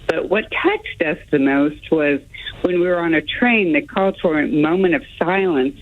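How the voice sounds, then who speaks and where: A woman's voice: deep voice, lively intonation, moderate pace, no echo. American woman caller on a tinny phone line. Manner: earnest storytelling. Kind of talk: calling in to a radio show.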